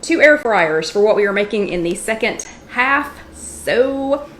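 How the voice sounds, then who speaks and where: Greeting viewers by name and chatting casually, a woman hosts a livestream from a kitchen showroom. Her medium-pitched voice is a bit bright, a little slow, and lively in intonation, with slight hiss or hum in the background.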